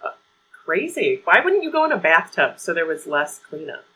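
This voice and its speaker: A woman's voice: lowish voice, very animated, normal speed, bright, forceful tone, low-quality recording. A woman in a casual chat, making dry, teasing asides.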